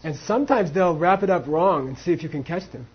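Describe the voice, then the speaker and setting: A man's voice: fairly high pitch, lively intonation, a little fast, slightly rough, dull audio. A man teaching a class on monastic debate, acting out both sides and mixing in Tibetan phrases. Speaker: Buddhist philosophy teacher.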